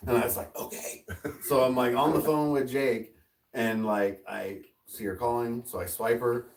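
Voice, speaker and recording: A middle-aged man hosting a casual podcast, telling a story with lively energy and putting on the voices of the people in it. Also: medium pitch, moderate pace, a little hiss or hum. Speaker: podcast host. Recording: roomy sound, mic at a distance.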